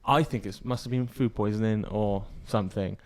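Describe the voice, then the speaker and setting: A man's voice: lowish voice, fairly even intonation, moderate pace, a little mellow. A young man co-hosting a podcast, telling a rambling family story with acted-out quotes. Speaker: podcast co-host. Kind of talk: casual storytelling chat.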